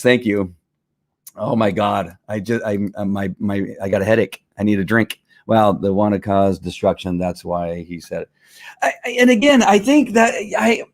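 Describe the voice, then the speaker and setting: Fired-up male podcast host. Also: on the low side. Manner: fired-up, rambling, with frequent restarts. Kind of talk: heated political commentary.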